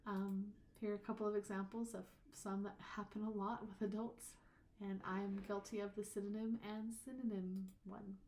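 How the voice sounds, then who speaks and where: A woman instructor giving a recorded lecture. She explains with patience and says her example words slowly, drawing them out. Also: medium pitch, flat delivery, darkish tone. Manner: slow, drawn-out example words.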